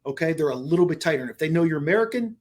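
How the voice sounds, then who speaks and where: Husky high-voiced man telling a story. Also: racing. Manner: animated storyteller acting out quoted exchanges. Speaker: podcast co-host. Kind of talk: casual storytelling chat.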